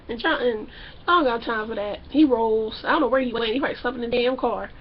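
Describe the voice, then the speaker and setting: A young woman vlogger recapping a reality show in a loud, sassy, animated way, acting out the people she talks about. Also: a little high, fast talker, highs cut off, slight background noise. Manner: loud, sassy, acts out characters. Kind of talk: animated casual recap with acted-out quotes.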